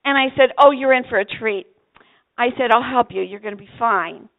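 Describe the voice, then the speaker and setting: An older woman from Vermont, a pastor's wife, gives a storytelling testimony at normal speed, animatedly acting out the dialogue and jumping up in pitch for each exchange. Her fairly high voice carries heavy gravelly fry, and the audio is thin and tinny like a phone line.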